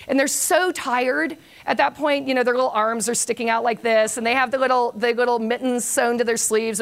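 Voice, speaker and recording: An older woman giving a motivational conference talk, telling a long anecdote with self-mocking humor and lively storytelling. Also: on the high side, creaky. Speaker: keynote speaker.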